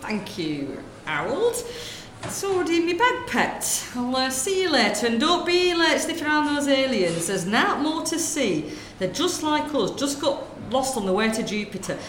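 A woman's voice: high-pitched, big pitch swings, moderate pace, fairly bright tone, a little hiss or hum, voice pushed up. A woman voicing a chatty, nosy middle-aged shopkeeper in a comedy sketch. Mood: gossipy. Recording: roomy room sound.

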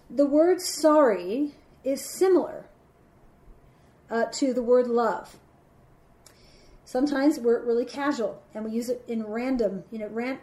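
Woman, mellow warm voice, somewhat high, measured reflective teaching talk, deliberate pacing. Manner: measured, deliberate, slows for emphasis.

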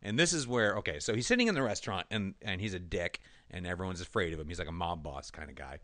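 A man with a bright, forward voice tells a movie plot in a casual chat, pitch swinging widely as he laughs. He recorded close and dry, with little room sound. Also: no room sound. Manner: animated, laughing often, quick flat quoted lines.

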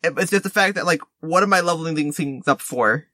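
A man's voice: a little high, quick pace, pushed and bright, no room sound, studio quality. A man co-hosting a casual gaming podcast, rambling and filling his talk with "like". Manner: rambling, full of "like" fillers. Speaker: podcast co-host.

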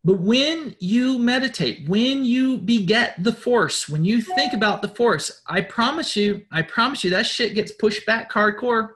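A man's voice: very high voice, animated, a little slow, few pauses, fairly bright tone. Profane, preachy man. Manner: blunt and preachy, swears often; repeats words and restarts sentences. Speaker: host. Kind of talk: spiritual pep talk.

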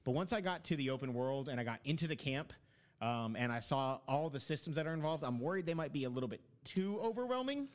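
A man's voice: on the high side, expressive, quick pace. A man in casual chat, telling long rambling stories about a video game with many fillers.

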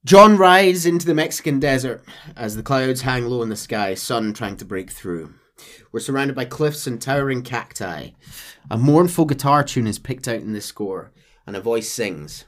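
Animated man recapping a story. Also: medium pitch, normal speed. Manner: retells a game's plot, chuckling often. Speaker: podcast host. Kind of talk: casual podcast storytelling.

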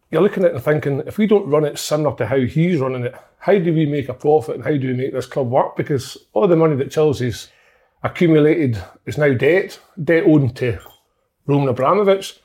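Male podcast co-host, blunt football banter, slightly high voice. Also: darkish tone. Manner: blunt, swears freely. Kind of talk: casual football chat.

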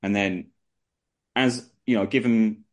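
Lowish-voiced man telling stories. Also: a little slow. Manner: animated anecdotes, laughing through the story. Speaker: guest, music promoter. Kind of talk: casual storytelling chat.

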